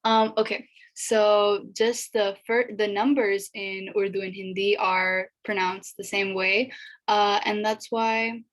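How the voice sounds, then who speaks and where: Woman, slow-paced, mid-pitched, patient, chatty, casual video lesson. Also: level tone, rough recording. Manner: patient, chatty explaining with many fillers. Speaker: language teacher.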